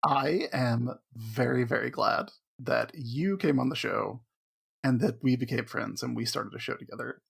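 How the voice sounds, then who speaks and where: A man co-hosting a podcast, chatting casually, making wry deadpan jokes and steering the show's segments. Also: mid-range voice, moderate pace, gravelly, breathy edge. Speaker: podcast co-host.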